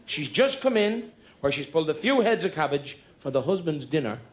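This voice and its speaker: A man's voice: on the high side, big pitch swings, brisk. Irish male comedian, chatty storyteller. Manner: chatty, conspiratorial, building jokes with repetition. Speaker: stand-up comedian. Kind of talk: live stand-up storytelling.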